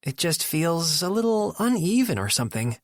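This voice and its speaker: A man's voice: fairly high pitch, big pitch swings, moderate pace, no echo, clean studio sound, pitched above the performer's own voice. A male narrator voicing a tense young woman hosting a dinner, clipped and stiffly polite. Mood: complaining.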